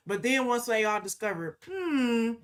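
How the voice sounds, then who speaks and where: A woman's voice: medium pitch, lively intonation, normal speed, a bit bright. Emphatic woman co-host, colloquial. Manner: emphatic, punctuates points with "okay?"; colloquial, quotes others in mocking asides. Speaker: podcast co-host. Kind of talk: casual conversational commentary.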